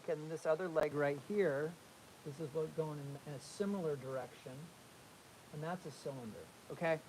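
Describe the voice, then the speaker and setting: A man demonstrates figure drawing and talks his way through each line as he sketches. He is energetic and repeats his points while he works, and a faint hiss runs under the recording. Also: on the high side, normal speed, poor audio. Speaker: art instructor.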